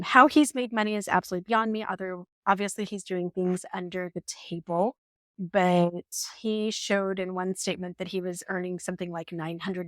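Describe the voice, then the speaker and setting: Animated woman telling a personal story. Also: medium pitch, dry recording, studio quality. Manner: animated, emotional retelling with laughs. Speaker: vlogger.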